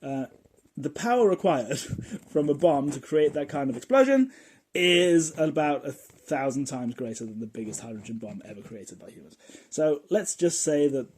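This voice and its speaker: A man hosting a casual explanatory podcast, telling his points in a playful, jokey, animated way. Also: fairly high pitch, moderate pace, slight background noise. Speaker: podcast host.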